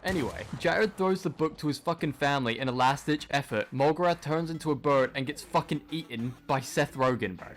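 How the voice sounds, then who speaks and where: A man's voice: on the high side, fairly quick, hardly any pauses. A man narrating a comedic movie recap, sarcastic and profane, firing off rhetorical questions.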